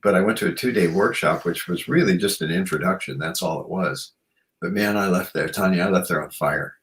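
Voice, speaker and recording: Poor audio captures a low-pitched man with a fairly bright tone who talks fairly quickly. As a guest author and shamanic practitioner in a reflective interview, he sounds earnest and thoughtful, often filling gaps with "you know."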